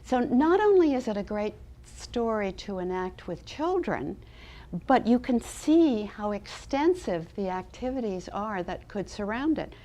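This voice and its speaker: A woman's voice: medium pitch, big pitch swings, measured pace. A woman educator giving a dramatic storybook reading, then talking about teaching. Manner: dramatic, with hushed and loud turns. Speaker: early childhood educator.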